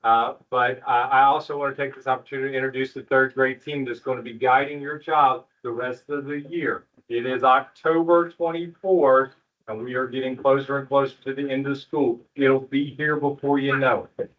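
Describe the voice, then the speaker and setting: A man's voice: mid-range voice, steady tone, moderate pace. A middle-aged man, a school principal, speaks to parents at an evening school meeting in a folksy, joking, reassuring way. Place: school room with an audience. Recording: distant, muffled room recording.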